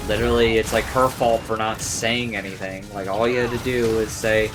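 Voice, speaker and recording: A man's voice: lowish voice, moderate pace, hardly any pauses, music in the background. A young man giving casual, rambling commentary over gameplay, saying "like" a lot and swearing freely. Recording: steady background noise.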